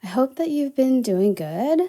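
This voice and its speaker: A woman's voice: sits high, very animated, measured pace, dark tone. A young woman from the American South, without a Southern accent, hosting a casual solo podcast and rambling with lots of "you know" and "uh". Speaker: podcast host.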